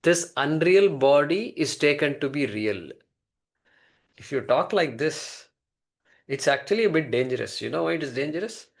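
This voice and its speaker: A man's voice: a little high, gravelly. A man giving a classroom lecture on a Sanskrit text, explaining word by word and posing rhetorical questions. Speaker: scripture teacher.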